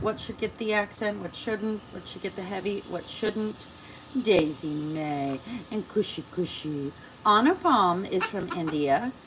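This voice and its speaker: A woman's voice: on the high side, background noise. A woman hosting a casual livestream, folksy and chatty, talking to her animals and her viewers. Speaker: livestream host.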